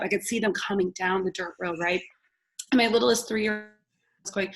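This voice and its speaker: A woman, a podcast guest telling a story with lively, loud acted-out quotes. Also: medium pitch, moderate pace, gravelly, poor audio. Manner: animated, acts out quotes loudly, laughs often. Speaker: podcast guest, business owner. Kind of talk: casual storytelling.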